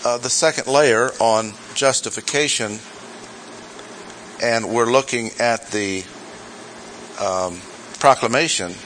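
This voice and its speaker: A man's voice: medium pitch, slow, pauses often, a bit bright, a little hiss or hum, rough recording. A man teaching through a Bible chapter in a sermon, reading verses aloud and stressing key words. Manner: reads scripture aloud, self-correcting asides. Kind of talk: expository sermon.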